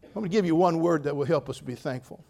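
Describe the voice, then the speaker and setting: An older male pastor preaching to his church, slightly high-voiced. He jokes and tells stories with a lively delivery and sudden loud bursts. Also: fast, vocal fry. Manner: humorous, animated storytelling with sudden loud outbursts. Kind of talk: sermon.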